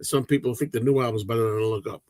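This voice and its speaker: A man's voice: medium pitch, racing, darkish tone, dry recording. An older man hosting a livestream, chatting casually and rambling through viewer questions with lots of restarts. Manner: rambling, with frequent restarts and fillers. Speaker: livestream host.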